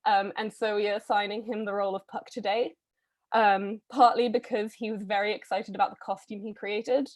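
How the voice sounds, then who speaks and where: A woman hosting a live online read-through, casting roles in a chatty, brisk way with frequent ums, heard over a video call. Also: mid-range voice, flat delivery. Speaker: read-a-thon host casting readers.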